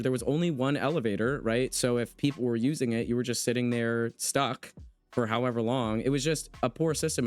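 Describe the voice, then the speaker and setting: A young man from the United States hosting a casual conversation, talking earnestly and with emphasis. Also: medium pitch. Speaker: podcast host. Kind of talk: casual conversation, reading chat comments.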